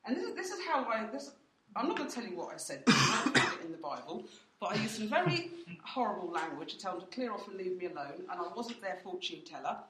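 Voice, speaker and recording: A woman's voice: medium pitch, sing-song, fast, a bit bright, far from the mic, a little hiss or hum. Chatty woman telling her story. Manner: chatty storytelling with fillers, voices others in quotes. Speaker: church teacher. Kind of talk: teaching testimony. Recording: roomy and off-mic.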